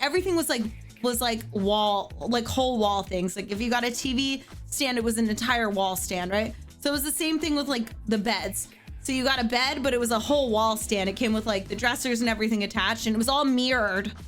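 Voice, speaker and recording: A woman in her thirties from Pennsylvania tells a story casually and with animation, and her voice sits fairly high. She scatters "like" through nearly every sentence, and faint music plays behind her. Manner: animated, filler-heavy with frequent "like".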